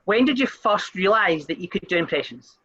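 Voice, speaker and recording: A man hosting an interview over a video call, friendly and quick to laugh, reading out fan questions. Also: sits high, animated, sharp tone. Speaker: host. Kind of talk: casual interview chat. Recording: dull lo-fi sound.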